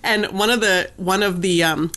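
A woman's voice: mid-range voice, normal speed. A woman in her thirties co-hosting a podcast, telling family stories in a casual chat and acting out her children's voices. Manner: animated storyteller, acts out her kids' voices. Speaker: podcast co-host.

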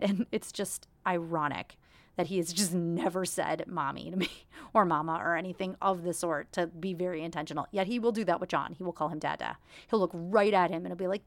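A woman in her thirties chats through her own podcast in a candid, self-deprecating way. Her voice sits a little low. The sound is close and dry, with no room around it. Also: fairly quick, no echo. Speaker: podcast host. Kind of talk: casual solo podcast chat.

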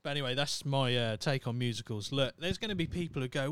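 Young guy ranting on his podcast, swears a lot, smooth clear voice, dry close sound. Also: medium pitch, quick pace, hardly any pauses, fairly bright tone, no room sound. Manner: blunt, sweary, opinionated. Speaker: podcast host. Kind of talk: casual solo podcast rant.

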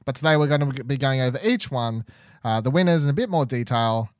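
A man's voice: medium pitch, expressive, fast talker, clear, resonant tone, dry recording, studio quality. Chatty man hosting a podcast. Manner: chatty, laughs often. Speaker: podcast host. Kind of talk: casual podcast chat.

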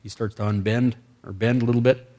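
A male preacher, speaking at an ordinary middle pitch. He tells his sermon stories with animated energy, acting out the dialogue and breaking into excited bursts. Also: fairly quick. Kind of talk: sermon storytelling.

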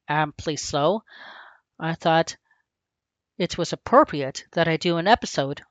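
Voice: mid-range voice, unhurried, long pauses, no room sound, muffled recording. A podcast host from Canada, reading a scripted, earnest and reflective piece about a lifelong love of a sport. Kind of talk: scripted narration.

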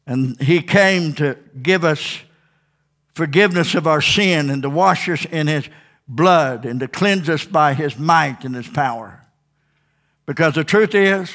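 A man preaching a sermon as a pastor in church, fervent and folksy, with call-and-response "Amen?" and sudden shouts. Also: fairly high pitch. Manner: old-fashioned, down-home speech.

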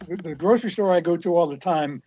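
A man's voice: high-pitched, fast talker, mellow, a little hiss or hum. Laid-back man on a dull lo-fi line. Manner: laid-back, rambling storyteller. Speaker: guest. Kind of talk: casual chat. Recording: dull lo-fi sound.

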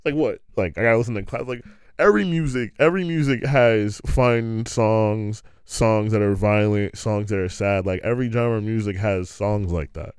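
A man's voice: fairly low pitch, normal speed, clean tone, no room sound. A man telling stories in a loose, rambling monologue, laughing often and restarting his sentences.

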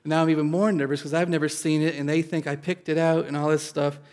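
A male pastor from Indiana tells an audience a personal story. He is animated and self-deprecating, and his voice sits somewhat high. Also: quick pace.

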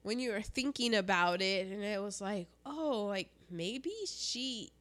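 A woman co-hosting a casual chat about a film, animated and jokey, acting out quotes as she talks. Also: medium pitch, unhurried. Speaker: podcast co-host.

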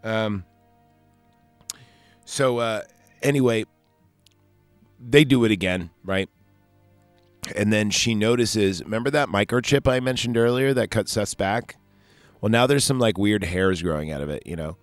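A man's voice: lowish voice, unhurried, pauses often, no room sound, faint music behind. A man hosting a solo podcast, recapping a film in a casual, rambling, profane way. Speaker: podcast host.

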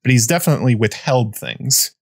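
A man hosting a podcast, chatting casually in a rambling, halting way full of fillers and restarts. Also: mid-range voice, animated, husky, dry recording, clean studio sound. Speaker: podcast host. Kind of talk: casual chat.

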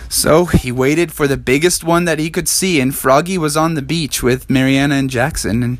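A man makes up a silly bedtime story as he goes, animated and rambling with little fillers. His voice sits in a middle register. The sound is dry and close. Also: mid-range voice, normal speed, few pauses, dry recording.

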